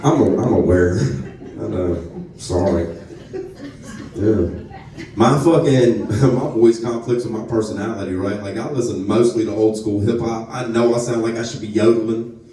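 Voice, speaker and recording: A stand-up comedian with a North Louisiana Southern accent performs a live set on a comedy club stage, telling crude, profane stories packed with asides. His lowish voice comes at a moderate pace from off mic, far away, in an echoey club room with a noisy background.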